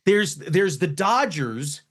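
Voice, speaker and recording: A man with a slightly high voice hosts a radio talk show from the studio. He banters casually and sounds animated and exasperated, often restarting his sentences. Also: slow.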